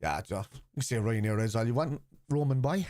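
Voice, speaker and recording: A man's voice: medium pitch, expressive, a little fast, a little mellow, no echo, clean studio sound. A man hosting a live football watchalong, chatting casually and answering viewers' comments.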